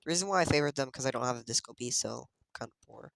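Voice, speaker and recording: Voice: medium pitch, racing, vocal fry, a bit bright, no echo, studio quality. A streamer chatting casually over gameplay, muttering item names in sing-song repeats and talking to themself.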